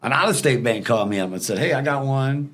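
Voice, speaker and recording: A man talks quickly on a podcast, rattling through a story in a casual, unhurried-sounding but rapid delivery. He slips into quoted voices of the people in it as he goes, keeping a mid-range pitch throughout. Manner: fast, animated storyteller acting out quoted people. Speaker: podcast guest, former repo man.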